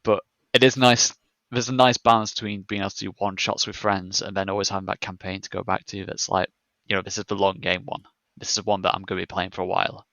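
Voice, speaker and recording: A male guest artist with a low, steady baritone that has a crisp, bright edge, recorded close and dry. He talks in an even, thoughtful way during casual chat. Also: quick pace, no room sound. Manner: self-described one-tone baritone, steady, thoughtful.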